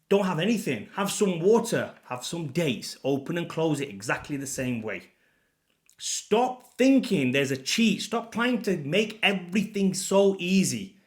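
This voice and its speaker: Blunt, exasperated fitness coach. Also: male voice, fairly high pitch. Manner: blunt, exasperated, swings between muttered asides and loud outbursts. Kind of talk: impassioned rant to camera.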